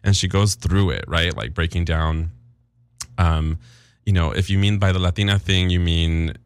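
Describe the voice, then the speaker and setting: A man's voice: low voice, normal speed, clear, resonant tone, dry recording. A man co-hosting a podcast, chatting casually with lots of fillers and easy laughter. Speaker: podcast co-host. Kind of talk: casual chat.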